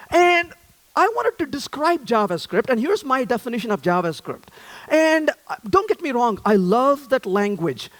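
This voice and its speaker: A man giving a conference talk on stage, joking and asking the audience questions. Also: very high voice. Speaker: conference speaker.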